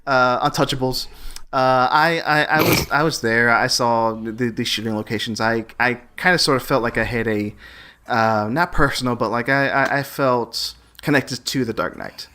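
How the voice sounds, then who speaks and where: A man co-hosting a podcast, chatting casually and haltingly with many restarts. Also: medium pitch, fairly even intonation, sharp tone, smooth. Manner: halting, full of restarts and fillers. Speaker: podcast co-host.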